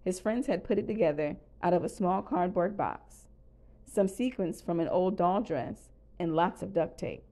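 Lady reading a bedtime storybook, calm, lowish warm voice. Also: moderate pace. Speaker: storybook reader. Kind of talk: children's read-aloud narration.

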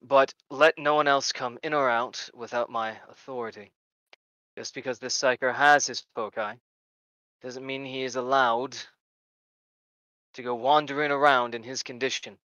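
A man's voice: steady tone, normal speed, clear, resonant tone, no echo, dull audio, close to an everyday voice. A man as a stern, formal priest. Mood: commanding. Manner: low, quiet and formal. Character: stern, commanding male priest, measured and formal.

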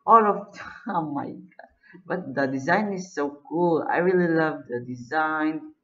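A gamer giving live gameplay commentary, excitable, full of exclamations and frustrated groans. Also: mid-range voice, measured pace. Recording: dull lo-fi recording.

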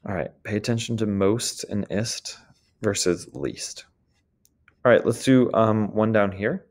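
Speaking in a lowish voice, a man gives a relaxed French grammar lesson, pronouncing words slowly as examples and often asking "d'accord?"

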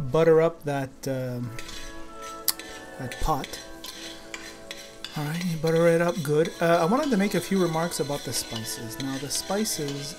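Guy chatting through a recipe, loose and rambly, lots of ums, faint music behind. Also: a little high. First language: French. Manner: chatty, rambling, full of fillers. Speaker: home cooking show host. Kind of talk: casual cooking demonstration.

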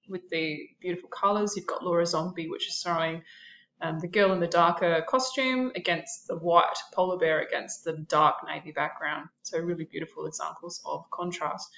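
A woman's voice: fairly low pitch, a bit bright, reverberant, dull audio, slight background noise. A woman art teacher narrating a classroom lesson, explaining terms and listing examples with a few fillers.

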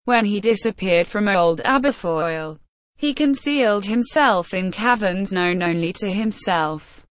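Woman reader doing a serious young girl, clear, firm voice, takes her time. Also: mid-range voice, animated, a little slow, dry recording, close to an everyday voice. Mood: resolute. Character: pale, resolute young woman, loyal and serious.

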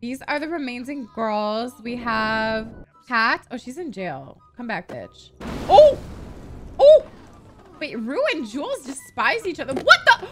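A woman's voice: on the high side, big pitch swings, unhurried, bright, forceful tone, soft background music. A young woman giving casual commentary on her game, swearing freely and shrieking and gasping when something happens. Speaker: gaming YouTuber.

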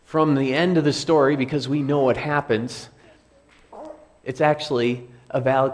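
A male pastor preaching in a church with a mid-pitched voice. He keeps a plain, conversational tone and returns to key phrases again and again to drive them home. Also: fairly even intonation, moderate pace. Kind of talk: sermon. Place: church sanctuary.

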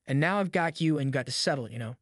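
A man voicing a vengeful, menacing rough backwoods man, with a cold, threatening drawl, in an audiobook. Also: on the high side, animated, fast, no room sound, clean studio sound, close to an everyday voice. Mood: bitter.

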